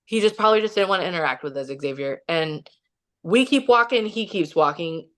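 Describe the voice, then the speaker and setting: Guesting on a podcast, a mother from Kansas City, Missouri, USA, young adult or middle-aged, shares a personal story in a chatty, casual way. She speaks a little fast on the low side with lively intonation and a fairly bright tone, leaning heavily on "like" and performing quotes.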